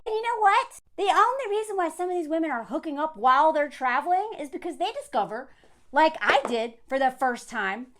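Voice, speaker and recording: Female commentator, exasperated and animated, high and very lively delivery. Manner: animated, exasperated ranting with frequent asides. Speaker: social media commentator. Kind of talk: reaction commentary on social media posts.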